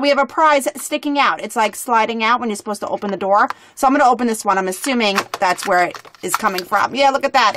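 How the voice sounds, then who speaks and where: A woman's voice: sits high, fairly bright tone, a little hiss or hum. A woman hosting a toy unboxing, gushing and chatty as she opens and reviews dolls.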